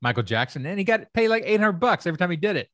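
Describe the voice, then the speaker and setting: A man's voice: high-pitched, very animated, very fast, fairly bright tone, no echo. A middle-aged man from Kentucky, a comedy writer and stand-up comic, telling stories in a casual, rambling way with many fillers. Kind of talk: casual storytelling chat.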